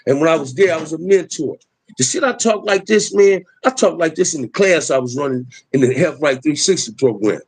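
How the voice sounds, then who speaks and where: Man, middle-aged, husky, dry sound, emphatic preachy street talk, livestream host. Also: a little high, lively intonation, a little fast, no room sound, rough recording.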